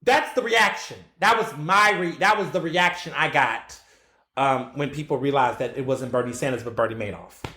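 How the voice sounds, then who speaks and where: A man hosting a solo podcast, telling stories in an animated way and acting out his own exclamations. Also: medium pitch, normal speed, echoey room. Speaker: podcast host.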